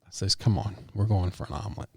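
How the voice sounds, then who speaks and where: A man's voice: fairly low pitch, quick pace, creaky, breathy edge, dry recording, clean studio sound. A man co-hosting a podcast, telling a story in casual chat and acting out the quoted lines of the people in it. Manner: relaxed storyteller who acts out quoted dialogue. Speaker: podcast co-host.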